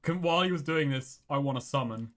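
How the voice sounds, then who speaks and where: Eager male player, mid-pitched, quick and excitable. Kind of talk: casual tabletop play.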